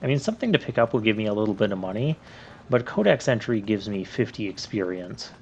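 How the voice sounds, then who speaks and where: A man's voice: lowish voice, sing-song, quick pace, highs cut off, slight background noise. A man hosting a let's play, giving chatty, joking, rambling commentary over recorded gameplay.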